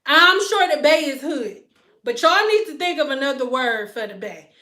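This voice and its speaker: A hairstylist from telling a storytime vlog, animated and slangy, often slipping into other people's voices. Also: female voice, sits high, moderate pace, roomy sound. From Detroit.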